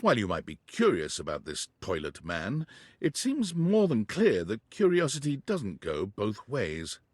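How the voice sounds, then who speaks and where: A man reading scripted game narration in a measured, descriptive way. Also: on the low side, huge pitch swings, slightly rough, dry recording, full character voice.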